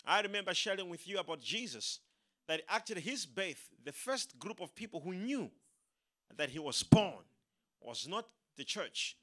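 Lively high-voiced male preacher. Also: normal speed. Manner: animated, repeats words, acts out quoted speakers. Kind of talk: sermon.

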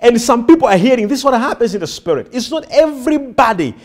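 A man's voice: extremely high pitch, very animated, fast talker. A man preaching a sermon to a congregation, repeating his phrases and firing questions back at the crowd. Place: church before a congregation.

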